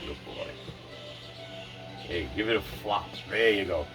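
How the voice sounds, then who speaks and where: A man's voice: low voice, slow, recorded from a distance, over music. A man from Rhode Island vlogging at home in a rambling, casual chat, often talking to his dog.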